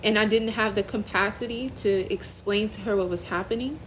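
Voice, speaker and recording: A young woman hosting a faith-based phone live stream, giving an emotional personal testimony in a halting, earnest way, near tears. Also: medium pitch, slight background noise, poor audio. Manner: halting, earnest, trailing off and restarting.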